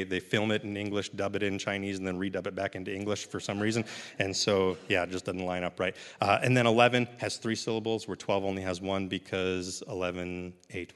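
A man's voice: mid-range voice, bright, forceful tone. Upbeat man teaching puppetry in a hall. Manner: upbeat, encouraging, joking with the audience. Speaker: puppetry instructor. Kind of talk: live workshop teaching to a seated audience. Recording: long hall reverb, speaker off mic.

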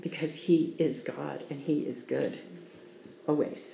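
A woman's voice: sits low, steady tone, unhurried, gravelly, a little hiss or hum. Earnest woman teaching Scripture in a roomy space. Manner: earnest, warm storytelling with laughs. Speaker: Bible teacher. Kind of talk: devotional teaching. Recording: roomy, dull lo-fi sound with faint ambience.

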